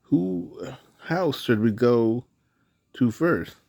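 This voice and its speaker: A man's voice: mid-range voice, expressive, extremely slow, creaky, mellow, no room sound, clean studio sound, full character voice. A man voicing a stubborn little girl who is eager to prove herself in a children's story reading. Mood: earnest.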